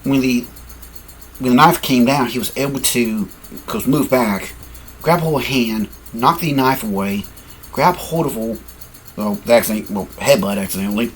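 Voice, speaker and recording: A man's voice: mid-range voice, normal speed, slight background noise. A man improvising a fan-fiction story, rambling, correcting himself and apologizing as he goes, sleepy and yawning.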